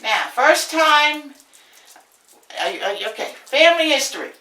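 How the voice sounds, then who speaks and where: A woman's voice: sits high, big pitch swings, moderate pace, bright, forceful tone. Brash New York woman cooking at home. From Brooklyn, New York. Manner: chatty, brash storyteller. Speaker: home cook host. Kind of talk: cooking demonstration chat. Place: home kitchen, indoors. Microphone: camera mic filmed from across the kitchen. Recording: echoey kitchen, distant camera mic.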